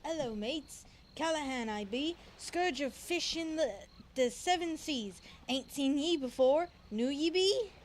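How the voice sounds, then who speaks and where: Woman putting on a gruff pirate sailor. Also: sits high, expressive, a little hiss or hum. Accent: put-on pirate accent. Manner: halting, stumbling over the written dialect.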